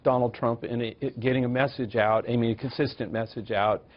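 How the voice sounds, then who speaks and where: A man on a TV panel, explaining campaign strategy in a measured way with some restarts. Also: medium pitch, fairly even intonation, dull audio. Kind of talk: TV panel discussion.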